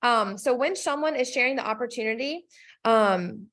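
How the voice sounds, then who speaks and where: A woman coaching a team on how to sell, talking upbeat and direct, often checking in with "okay?" and acting out sample scripts. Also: a bit bright. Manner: acts out sample scripts with quick pitch swings. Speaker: network marketing team trainer.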